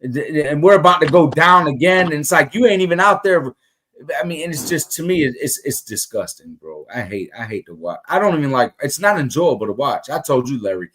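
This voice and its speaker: A man co-hosting a casual sports talk show, ranting heatedly about his team. His voice sits a little high for a man. He stumbles over restarts and repeats himself, driving each point home. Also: very animated, fairly quick, a bit bright, slight background noise. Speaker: podcast co-host.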